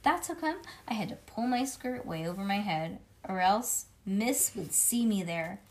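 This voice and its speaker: A woman's voice: mid-range voice, a little slow. Woman reading a children's book aloud. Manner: lively, breaks off for playful asides. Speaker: reader.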